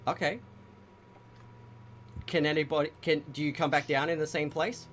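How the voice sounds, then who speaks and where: A man runs a tabletop game for a team of players, his voice sitting a little high. He talks casually and swears freely while he describes the danger around them. A faint hiss of background noise runs under the recording. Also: flat delivery, normal speed, fairly bright tone. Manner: casual, swearing, dramatic scene-setting. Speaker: game master. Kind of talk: narrating a tabletop game show.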